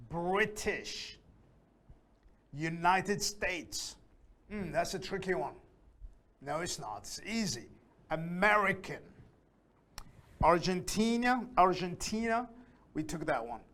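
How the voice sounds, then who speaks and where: Slow-speaking man teaching English. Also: high-pitched, pushed and bright. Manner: slow, careful, repeats words for pronunciation. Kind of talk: beginner English lesson.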